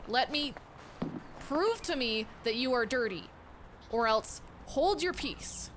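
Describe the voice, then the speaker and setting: A woman's voice: sits high, expressive, takes it slowly, a bit bright, a little hiss or hum. A young woman streaming a game, chatting playfully with her viewers and joking at the screen. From not American. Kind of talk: casual live-stream chat while gaming. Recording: music playing behind. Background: background music.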